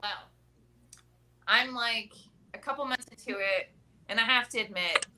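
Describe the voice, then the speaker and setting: A woman's voice: a little high, a little slow. A woman telling a personal story in a casual, chatty way, peppering her talk with "like" and "right?". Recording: clear background noise with clicks.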